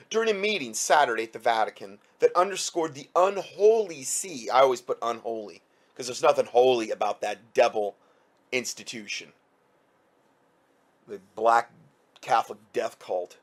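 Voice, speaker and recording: A man's voice: medium pitch, animated, normal speed. A man reading out news reports and breaking in with sarcastic, heated commentary.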